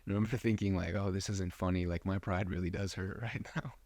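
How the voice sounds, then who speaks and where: A young man with a low voice tells a rambling personal story as a podcast host. He swears a lot and drops fillers everywhere. The sound is close and dry. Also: steady tone, fast, a little mellow, no room sound. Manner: profane, rambling, full of fillers. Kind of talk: casual storytelling.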